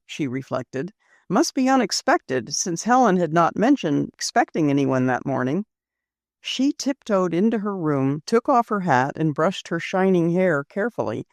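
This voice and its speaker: Expressive woman reading an audiobook. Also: fairly low pitch, no echo, studio quality. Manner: expressive storytelling. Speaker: audiobook narrator. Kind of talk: scripted narration.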